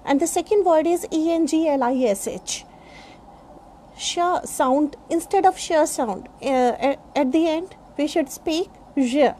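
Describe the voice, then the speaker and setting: A woman from India teaching pronunciation in a very high, bright voice. She talks very slowly and carefully and spells each word out letter by letter. She sounds middle-aged and keeps a patient classroom manner. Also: a little hiss or hum. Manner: spells words letter by letter, slow and deliberate. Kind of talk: pronunciation lesson.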